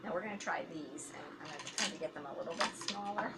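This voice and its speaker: A woman's voice: on the low side, fast. A woman therapist explaining feeding techniques to a parent while coaching a young child through a session. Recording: noisy home video recording.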